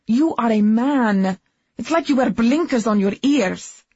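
A woman voicing a furious, sharp-tongued young wife, shouting through tears, on a dull, dry audiobook recording. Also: medium pitch, little pitch movement, brisk, gravelly, breathy edge, dry recording. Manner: shouting, indignant, tearful.

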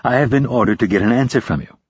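A man's voice: medium pitch, fast talker, slightly rough, lightly acted. A man voicing a composed young female intelligence officer who speaks in a cool, probing, businesslike way. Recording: dull, dry lo-fi recording.

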